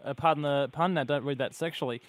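A man's voice: fairly high pitch, fairly even intonation, quick pace. A man co-hosting a radio show, teasing and playful in casual banter, on a studio microphone. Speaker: radio co-host.

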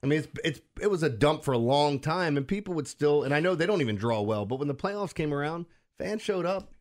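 A man's voice: on the high side, lively intonation, brisk. A man with a Baltimore accent hosting a sports radio show, talking casually and animatedly with frequent restarts and laughs.

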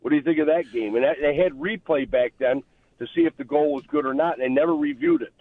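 A man's voice: fairly high pitch, lively intonation, quick pace, dry recording. A man calling in to a talk radio show, rambling and reminiscing with many fillers. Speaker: caller. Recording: tinny phone line.

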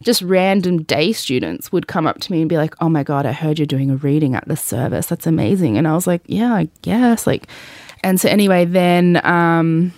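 Low-voiced woman telling a story. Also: normal speed, darkish tone, no echo. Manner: chatty, peppered with "like" and swearing. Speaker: podcast host. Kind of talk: personal storytelling in casual chat.

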